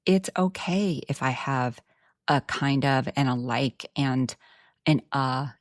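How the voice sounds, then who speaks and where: A woman's voice: very deep voice, takes it slowly, no echo, clean studio sound. A woman with a Texan twang, talking reflectively as a guest on a podcast. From Texas. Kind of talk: casual podcast conversation.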